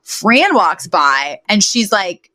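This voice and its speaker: A woman co-hosting a podcast, casually retelling a sitcom episode with animated storytelling, acting out the characters' lines and laughing often. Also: mid-range voice, slow pace, no room sound. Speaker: podcast co-host. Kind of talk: casual recap chat.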